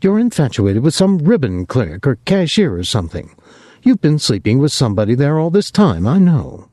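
A man reading an audiobook, voicing a bitter, sharp-tongued young woman in a raised voice. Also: big pitch swings, moderate pace, dry recording, studio quality. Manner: sharp, taunting, higher voice. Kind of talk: audiobook character voice.

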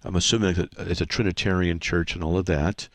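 A man hosting a call-in radio show from a studio, reading listener mail aloud in a mocking, animated way and laughing often. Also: low voice, fast, dry recording. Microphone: studio mic.

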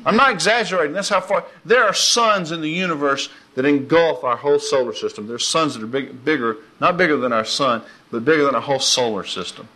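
A man preaching an informal, folksy sermon, animated and quick to laugh. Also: on the high side.

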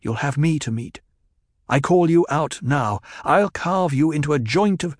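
A man's voice: fairly high pitch, animated, measured pace, no echo, studio quality, voice pushed up. A man voicing a fierce, protective noblewoman with an intense, commanding manner.

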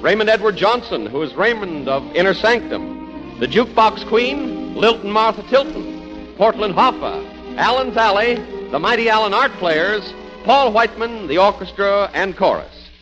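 A man's voice: expressive, normal speed. Formal announcer man on old radio. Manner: formal booming introductions. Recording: dull 1940s radio broadcast with faint music.

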